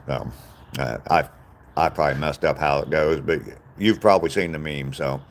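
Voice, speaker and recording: A man's voice: a bass voice, moderate pace. An older man from the South, chatting plainly with viewers on a live stream. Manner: plain-spoken, answers viewer comments directly. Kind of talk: casual live-stream chat.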